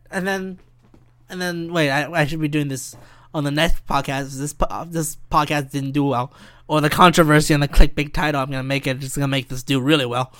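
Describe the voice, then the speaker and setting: A young man with a high, bright, crisp voice talks alone on his podcast. He rambles from thought to thought, swears freely and keeps stopping to restart his sentences. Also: steady tone, fairly quick. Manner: rambling, profane, self-interrupting. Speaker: podcast host. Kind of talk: rambling solo podcast monologue.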